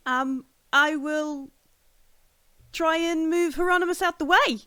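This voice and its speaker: A woman's voice: very high voice, takes it slowly, pauses often, bright, forceful tone, dry recording. A woman playing a tabletop game on a call, hesitant and starting with fillers. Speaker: player.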